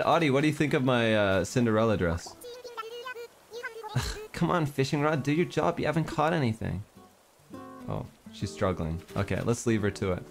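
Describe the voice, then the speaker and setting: A man streaming a game, chatting casually in an excitable, playful way and reading game text aloud. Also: lowish voice, normal speed, vocal fry, pauses often, faint music behind. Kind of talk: casual gameplay chat.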